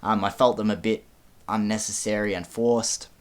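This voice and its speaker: A man's voice: lowish voice, fairly even intonation, moderate pace. A man giving a casual film review, speaking frankly with frequent ums and casual swearing.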